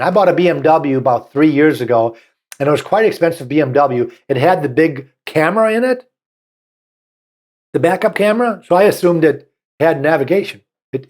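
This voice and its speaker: A man with a Southern US accent hosting a car show, reading short passages aloud and then riffing on them in a folksy, opinionated way. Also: mid-range voice. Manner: folksy, reads a passage then riffs with asides. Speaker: car dealer show host. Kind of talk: opinionated talk-show commentary.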